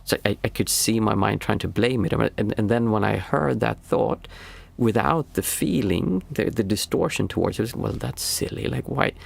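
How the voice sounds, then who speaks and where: Gravelly low-voiced meditation teacher. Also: male voice, moderate pace, hardly any pauses. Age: young adult to middle-aged, father of small children. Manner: reflective, searches aloud for the right word. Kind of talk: casual spoken teaching on a livestream.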